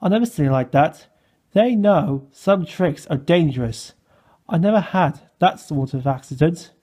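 A man voicing a calm, modest old mountain engine in a storybook, with a slow, husky voice. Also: on the high side. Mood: thoughtful.

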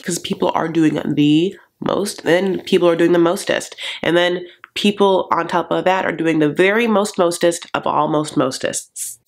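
A man's voice: on the high side, moderate pace, few pauses. A man hosting a comedic TV recap, campy and gossipy with sassy asides.

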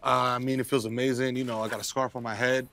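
A self-important male ballplayer with wild conspiracy theories, as a man sends him up in a comedy sketch. He talks in a lofty, mock-intellectual way and pushes his voice down low to seem smart, then flares up into high-pitched rants. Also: level tone, fast talker, sharp tone, slight background noise. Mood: smug. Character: smug, conspiracy-minded male pro basketball star. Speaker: comedy show host.

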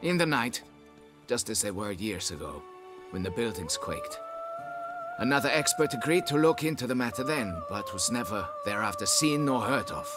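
A haughty, pompous nobleman, as an actor plays him in a video game, his voice rising and falling with lively, mannered inflection. He talks down to the listener and insists on proper respect. Game music plays steadily under the lines. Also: mid-range voice, moderate pace, lightly acted. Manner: pompous, demanding deference. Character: pompous haughty male nobleman, vineyard owner. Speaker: nobleman hiring a witcher.

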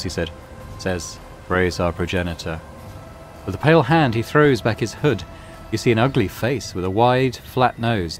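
Low-voiced man narrating a game. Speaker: let's play host. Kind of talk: game commentary and reading on-screen text.

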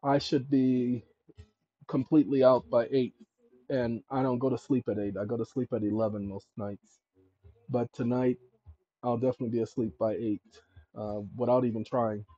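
A man hosting his own channel, walking viewers through legal paperwork on his screen in an emphatic way, often calling them "ladies and gentlemen" and checking in with "okay?". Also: medium pitch, little pitch movement, normal speed. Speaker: channel host giving legal advice. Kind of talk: instructional screen-share talk. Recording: dull lo-fi recording.

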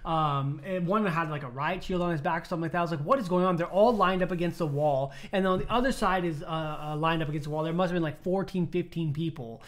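A man co-hosting a podcast, telling a story in casual chat, animated, acting out the voices of people he quotes and laughing often. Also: a little high, fast talker, hardly any pauses. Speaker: podcast co-host.

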